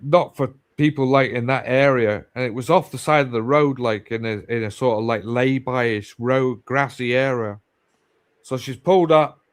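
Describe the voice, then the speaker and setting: A man on a livestream panel, rambling through a story with lots of fillers and swearing. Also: medium pitch. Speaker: livestream guest. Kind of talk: casual chat.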